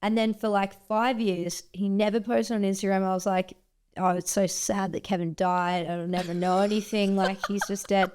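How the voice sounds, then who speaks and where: An Australian woman hosting a podcast, telling a dating story in animated casual chat. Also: medium pitch, moderate pace, smooth. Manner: animated storytelling, laughing often. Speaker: podcast host.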